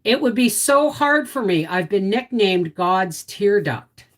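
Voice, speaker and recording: Chatty woman with a lively voice. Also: medium pitch, slow pace. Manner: chatty, sympathetic, talks straight to viewers. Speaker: livestream host reading viewer comments. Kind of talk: casual livestream chat.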